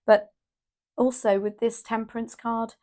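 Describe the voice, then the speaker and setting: A woman's voice: on the high side, flat delivery, measured pace, warm tone. A woman from the UK doing a casual, emotional tarot reading, rambling with restarts and exclamations. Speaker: tarot reader.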